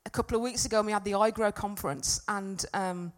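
A woman's voice: medium pitch, fairly even intonation, fast talker. A middle-aged woman giving a talk at a church gathering, telling a personal story in a chatty, self-deprecating way. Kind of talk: sermon with personal anecdote.

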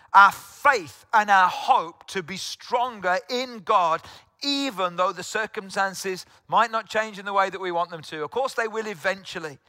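A man's voice: high voice, sharp tone, dry recording. A middle-aged man from South Wales, a pastor preaching earnestly to an online congregation, speaking directly to listeners and repeating phrases for emphasis.

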